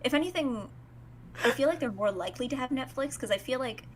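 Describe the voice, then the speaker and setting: A woman's voice: sits high, lively intonation, fast, slight background noise. A woman in her twenties hosting a game stream, chatting casually with plenty of filler words. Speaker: streamer host.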